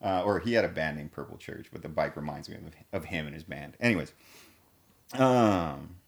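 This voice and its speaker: A man's voice: extremely low pitch, lively intonation, normal speed. A man telling a story in casual chat, laid-back and slangy, cursing freely and calling people dude and man.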